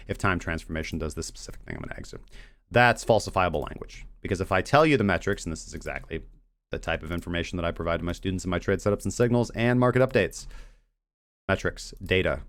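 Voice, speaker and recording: A man's voice: low voice, expressive, fast talker, no room sound. A man hosting a crypto trading show, talking casually and bluntly about chart analysis and mocking vague analysts. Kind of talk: casual livestream trading commentary.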